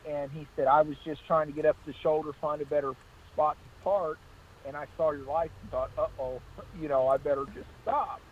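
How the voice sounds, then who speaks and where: Trooper telling road stories, muffled line. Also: male voice, fairly high pitch, steady tone, moderate pace, slight background noise. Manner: anecdotal, repeats "I said" in acted-out exchanges. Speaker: state trooper guest. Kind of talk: casual call-in storytelling.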